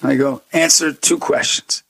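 A man's voice: medium pitch, fairly even intonation, a little slow, vocal fry, a bit bright, breathy edge, dry recording. A man being interviewed as a guest, telling a story with preacher-like conviction and acting out the voices he quotes. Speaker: guest speaker.

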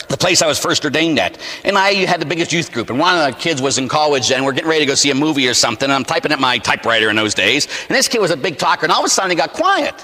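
Lively priest preaching in an echoing church. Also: male voice, fairly high pitch. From Pittsburgh, USA. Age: 40s. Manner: animated storytelling with rhetorical "huh?" tags. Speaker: Catholic priest. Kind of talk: sermon.

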